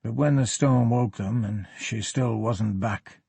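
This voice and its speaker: A man voicing a gruff older police superintendent with a Yorkshire accent, blunt and unhurried, in an audiobook. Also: mid-range voice, dark tone, dry recording, exaggerated voice. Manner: blunt, unhurried, plain-spoken.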